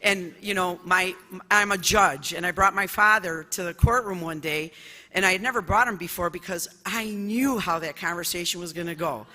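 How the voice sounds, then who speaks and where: A middle-aged woman judge from the United States, telling personal stories at a conference in an expressive, loud way with many fillers. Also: fairly low pitch, normal speed. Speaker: judge giving a conference talk. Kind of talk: conference speech, personal storytelling. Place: large conference hall. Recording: echoey conference hall.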